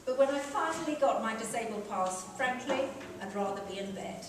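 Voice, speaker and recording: A woman delivers a stage comedy monologue with wry, self-mocking humor. Her voice sits high and swings widely as she talks unhurriedly. She is heard from far off in an echoey hall with some noise. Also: lively intonation, fairly quick. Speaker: comic performer.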